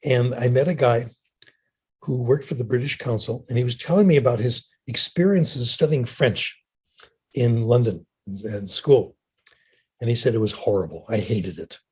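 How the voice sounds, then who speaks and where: A man's voice: mid-range voice, moderate pace, darkish tone, breathy edge. An older man giving a lecture and answering audience questions, chatty and storytelling, often asking "okay?". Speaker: linguist giving a talk.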